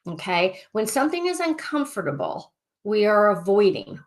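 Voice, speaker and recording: Woman, life coach, casual group session, excitable, repetitive, loops back over phrases. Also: medium pitch, moderate pace. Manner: excitable, repeats phrases and clearing statements.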